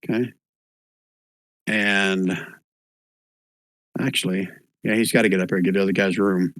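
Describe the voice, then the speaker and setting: A man running a tabletop game online as dungeon master, relaxed and thinking aloud as he rules. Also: deep voice, unhurried, no echo.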